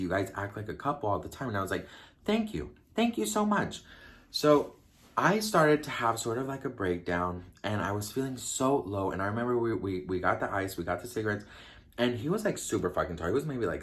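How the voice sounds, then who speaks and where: A man telling a personal story in a casual, animated way, acting out the voices of the people in it. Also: fairly low pitch, fast talker. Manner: animated, chatty, acts out quoted voices.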